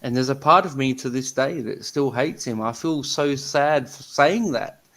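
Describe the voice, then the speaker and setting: A man on a video call telling a personal story in a blunt, sweary, earnest way with halting restarts. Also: mid-range voice, fairly bright tone, poor audio. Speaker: guest on a live stream. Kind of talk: casual chat, personal story.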